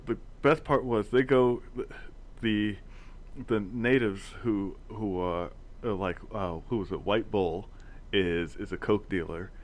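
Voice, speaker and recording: A man's voice: deep voice, a little hiss or hum. A man rambling through a movie plot in casual chat, often stumbling and restarting his words.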